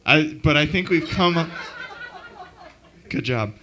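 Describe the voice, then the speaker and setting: A man doing a deadpan, self-mocking stand-up comedy set at an open mic in a club. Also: a little high, slow, a little hiss or hum.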